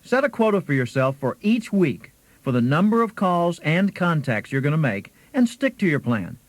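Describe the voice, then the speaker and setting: A man delivers brisk sales advice in a slightly high, lively voice. His voice is dry and close to the mic. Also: no room sound, low-quality recording. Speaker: sales trainer co-host.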